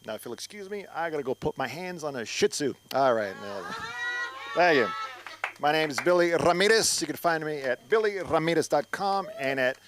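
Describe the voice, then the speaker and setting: Animated middle-aged man doing stand-up. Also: fairly high pitch, normal speed, a little hiss or hum. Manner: rambling, animated, ranting asides. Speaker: stand-up comic. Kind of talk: open mic stand-up set. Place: comedy club stage.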